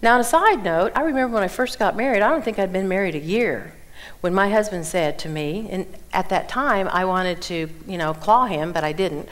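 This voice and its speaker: A woman in her sixties teaching the Bible at a women's conference, telling stories with animated delivery and acting out the people she quotes. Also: mid-range voice, a little fast. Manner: animated storytelling, acts out quoted voices.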